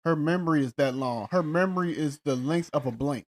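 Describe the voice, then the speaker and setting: A man's voice: a little high, brisk. A man co-hosting a podcast, recapping reality TV in a laid-back, wry way. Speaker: podcast co-host. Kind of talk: casual chat recapping reality TV.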